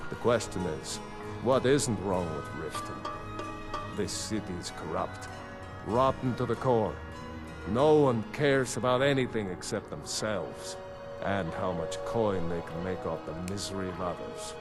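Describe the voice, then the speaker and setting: An actor playing a bitter, aging shopkeeper and former fisherman in a video game, with a gruff, sour way of complaining. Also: sits low, measured pace. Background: game music.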